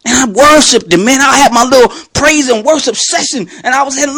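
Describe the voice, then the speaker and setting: A man giving an animated Christian testimony, emphatic and talking straight to his listeners. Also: very high voice, a little fast, hardly any pauses, no echo. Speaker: Christian speaker.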